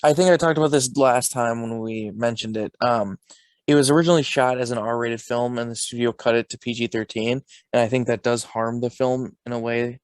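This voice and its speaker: Relaxed podcast co-host man, dry sound. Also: medium pitch, brisk, no echo. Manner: informative, relaxed, listing film facts. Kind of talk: casual chat.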